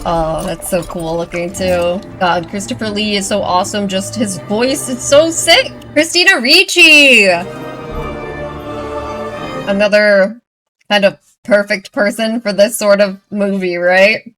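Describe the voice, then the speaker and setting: A woman's voice: mid-range voice, faint music behind. A woman hosting a first-time movie reaction, talking casually, gushing and getting worked up, then apologizing for it. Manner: excitable, gushing, quick to apologize. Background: movie audio playing.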